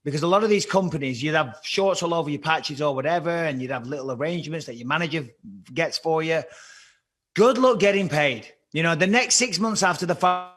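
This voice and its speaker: A man's voice: on the high side, fairly quick, a bit bright. A man with a Liverpool accent, a former fighter telling rambling, swear-filled stories as a podcast guest. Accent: British, Liverpool. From born in Cyprus on a British army base, raised in England. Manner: swears a lot, rambling storyteller. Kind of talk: casual podcast chat.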